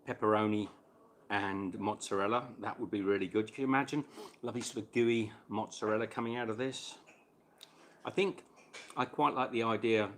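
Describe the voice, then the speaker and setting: A man's voice: fairly low pitch, a bit bright, a little hiss or hum. A man hosting a casual live stream chat while cooking, chatting between bites and answering viewers' questions.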